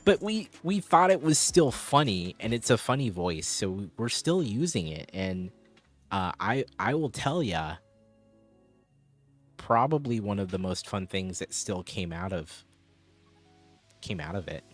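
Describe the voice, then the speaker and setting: A man's voice: fairly low pitch, very animated, measured pace, soft background music. A man chatting casually on a live stream, rambling as he answers viewers' chat.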